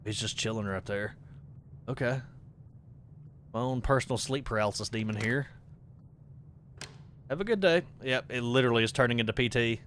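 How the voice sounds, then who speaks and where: A young man streaming a horror game live, talking casually in a middle-pitched voice. He rambles from one aside to the next and breaks into startled yelps and curses. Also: normal speed, long pauses, fairly bright tone, a little hiss or hum. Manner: chatty and rambling, jumps to startled yelps and swearing. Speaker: gaming streamer. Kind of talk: live horror gameplay commentary.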